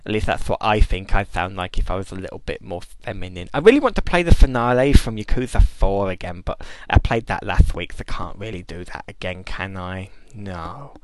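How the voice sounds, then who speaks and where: A man's voice: low voice, animated, a little fast, hardly any pauses, dry recording. A British man hosting a live internet radio show, rambling on in a silly exaggerated put-on voice. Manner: rambling, babbling banter.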